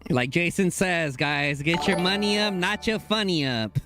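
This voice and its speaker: A young man streaming a game live, talking to his chat in casual slang and bursting into excited high exclamations. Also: measured pace, music in the background.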